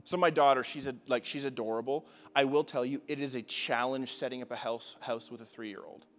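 A man's voice: medium pitch, steady tone, a little fast, in a large hall, soft background music. A young man preaching a sermon, casual and joking, with lots of filler words. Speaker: pastor. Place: church hall.

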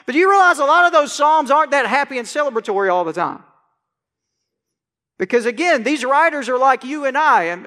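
A middle-aged pastor preaches from the pulpit with a high, bright, forceful voice. He leans into dramatic cries of scripture. Long reverb from the church sanctuary hangs behind him. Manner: animated preaching, crying out verses dramatically. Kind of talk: sermon.

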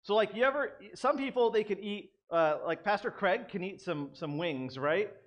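Young male preacher, relaxed conversational sermon delivery, voice sits high and moves a lot. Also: normal speed. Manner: conversational, animated, self-deprecating asides. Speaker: pastor. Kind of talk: casual sermon.

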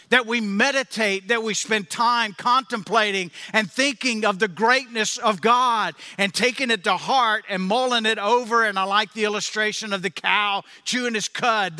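A man's voice: high-pitched, pushed and bright, big-room sound. A male pastor preaching a sermon with emphatic, repeating phrases, in a church.

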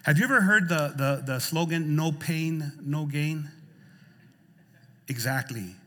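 A male pastor delivers a sermon with a bright, forceful voice pitched a touch high. He preaches with passion, repeats phrases and swings between rising, stirring lines and hushed ones. His voice rings out into a long reverb in a church hall. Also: a little slow. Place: church sanctuary.

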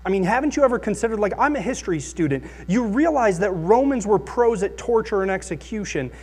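A Bible teacher acting out a skeptical firefighter coworker who argues in a dismissive, rapid way. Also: medium pitch, a little mellow.

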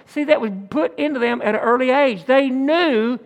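High-voiced preacher man. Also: normal speed. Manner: preaching with folksy stories and call-and-response. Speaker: pastor. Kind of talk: sermon.

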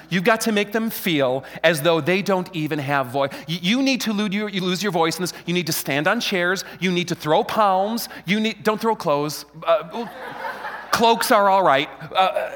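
A man preaching a lively Palm Sunday sermon into a handheld mic, joking with and rallying his congregation. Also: high-pitched. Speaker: pastor. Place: church hall with a live congregation. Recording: long hall reverb.

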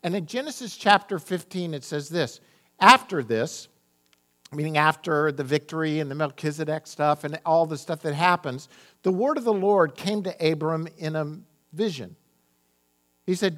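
A man's voice: on the high side, expressive, moderate pace, fairly bright tone, faint music behind. A man preaching a sermon, reading scripture dramatically and speaking animatedly to his congregation. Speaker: pastor.

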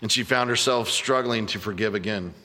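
A man's voice: fairly low pitch, brisk, bright, forceful tone, long reverb tail. A man preaching a sermon as a pastor, telling a story earnestly and emphatically to his congregation. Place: church sanctuary.

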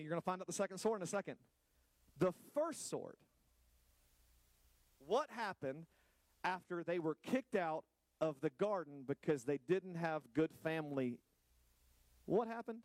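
A man preaching a sermon to his congregation, animated, with playful asides to the listeners and drawn-out words for emphasis. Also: on the high side, dry recording. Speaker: pastor.

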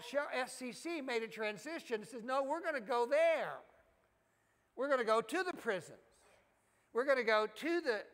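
A man's voice: very high-pitched, pushed and bright, long reverb tail. A man with a Southern US accent preaching a sermon as a pastor, folksy and exhorting, with fillers and restarts. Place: church sanctuary.

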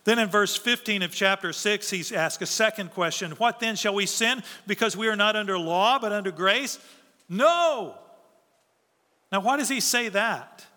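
A man's voice: high-pitched, normal speed, hardly any pauses, sharp tone, long reverb tail. A man preaching a sermon as pastor, earnest and emphatic, often asking rhetorical questions and answering them.

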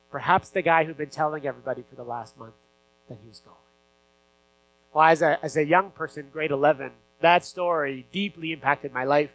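High bright-voiced man telling a sermon story. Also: a little fast, low-quality recording. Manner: earnest storytelling with fillers and restarts. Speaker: pastor.

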